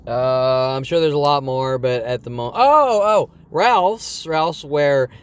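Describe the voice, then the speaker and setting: Agitated man ranting in a smooth voice. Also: on the high side, lively intonation. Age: 20s. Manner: halting, full of fillers and self-corrections. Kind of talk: rambling monologue vlog.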